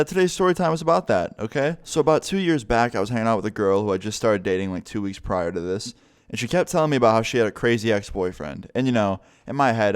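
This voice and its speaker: A young man tells a personal story to his camera in a casual, animated way, swearing freely. His voice sits low and sounds smooth and clear. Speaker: vlogger.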